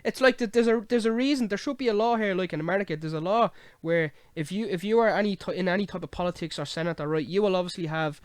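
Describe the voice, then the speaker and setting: A young Irish man hosting a casual late-night podcast, ranting in an animated, sweary way. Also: sits high, fast, few pauses, clean tone, dry recording, studio quality. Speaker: podcast host.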